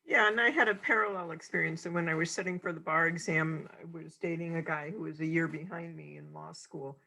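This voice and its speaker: A woman co-hosting a podcast, an animated storyteller who often restarts her words. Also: deep voice, fairly quick, creaky, poor audio. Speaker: podcast co-host. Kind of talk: conversational podcast talk.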